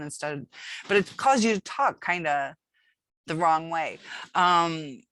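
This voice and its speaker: A woman's voice: low-pitched, moderate pace, fairly bright tone. A woman hosting her own channel, talking casually to viewers in a rambling, candid way with many fillers and restarts. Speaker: channel host. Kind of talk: casual talk to camera.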